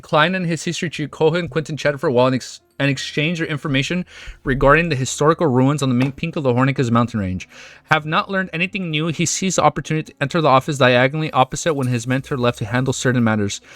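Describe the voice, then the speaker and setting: A man reading a web novel aloud on stream, breaking off into excited, profane reactions and laughter. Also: fairly high pitch, no echo.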